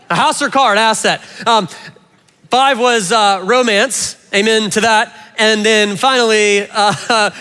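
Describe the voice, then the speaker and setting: A man delivers a sermon in a large church hall, and his voice has a long, ringing reverb. It sits high and sounds bright and forceful. He is animated and playful, and he keeps turning to the congregation to speak to them directly. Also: moderate pace, clear, resonant tone. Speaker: pastor.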